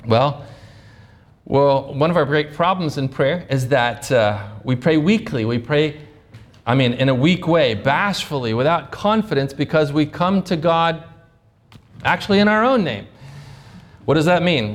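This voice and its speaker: Male pastor, high voice, preaching with rhetorical questions and acted-out prayers. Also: normal speed. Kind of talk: sermon.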